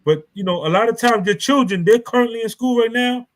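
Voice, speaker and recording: A man's voice: very high-pitched, a little fast, low-quality recording. A man, hosting a live stream and telling his story in a loose, rambling way full of street slang. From New York. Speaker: author and live stream host.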